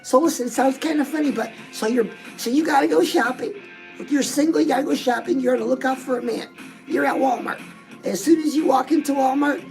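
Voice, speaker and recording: High-voiced sassy woman giving advice. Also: a little fast, vocal fry, darkish tone, rough recording. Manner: chatty, sassy, calls listeners "girls". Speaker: dating coach. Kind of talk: direct-address advice talk. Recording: music playing behind the voice.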